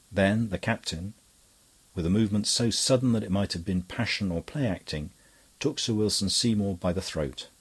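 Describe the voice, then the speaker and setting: A male audiobook narrator with a deep voice and a husky edge. He reads in a measured, even way. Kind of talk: scripted narration.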